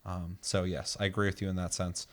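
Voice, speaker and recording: A man with a somewhat low voice chats casually about video games as a podcast co-host. He rants in an animated way, swears freely and acts out quotes. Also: fairly quick.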